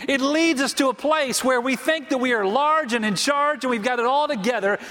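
A man preaching a sermon, telling a story and stressing key phrases slowly. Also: very high voice, fairly bright tone, long reverb tail. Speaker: pastor.

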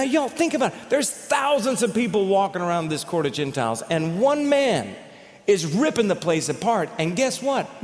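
A man preaching a sermon as pastor, telling stories in an animated way and often repeating words as he goes. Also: high-pitched. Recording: long reverb of a large hall.

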